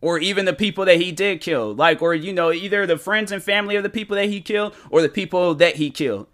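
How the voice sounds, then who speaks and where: High bright-voiced man ranting emphatically. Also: fast talker. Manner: emphatic, repetitive, argumentative; casual slangy speech. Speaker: podcast host. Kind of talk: solo opinion podcast rant.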